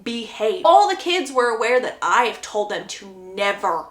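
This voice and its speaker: A woman's voice: medium pitch, sing-song, normal speed, lightly acted. A woman voicing a stern middle-aged father who lectures his kids. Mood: scolding. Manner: scolding, lecturing. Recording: roomy echo.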